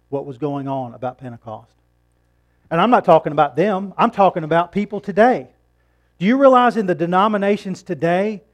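Conversational preaching man, fairly high voice. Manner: conversational preaching, rising emphatic on key points. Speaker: pastor. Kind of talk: sermon.

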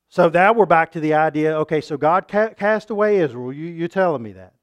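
Recorded close and dry with no room sound, a man preaches a sermon in a fairly high voice, speaking a little fast with hardly any pauses. He moves from loud, insistent peaks to quiet asides, repeatedly questioning the congregation and repeating words for emphasis.

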